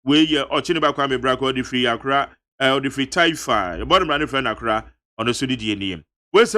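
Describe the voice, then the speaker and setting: A Ghanaian radio host reading listener messages aloud, with an emphatic, animated delivery that mixes reading with local-language asides. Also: male voice, medium pitch, quick pace, hardly any pauses. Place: radio studio.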